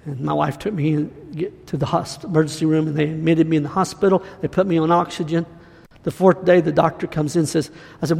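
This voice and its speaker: Male preacher, fervent storytelling and declarations, raspy edge, reverberant hall. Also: fairly high pitch, fast talker, hardly any pauses, darkish tone. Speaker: guest preacher. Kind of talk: sermon and prophetic declaration.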